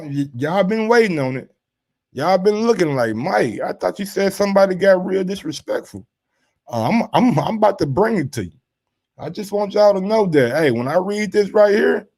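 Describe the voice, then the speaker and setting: A man with a somewhat high-pitched voice hosts casual boxing commentary. He talks in loose slang and reacts to social posts with drawn-out exclamations, keeping an animated, quick-reacting manner.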